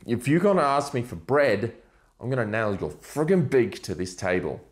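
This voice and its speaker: A man's voice: mid-range voice, sing-song, moderate pace, pitched above the performer's own voice, natural voice. A man playing a short-tempered male barman who grows exasperated with a pesky customer. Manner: exasperated, scolding.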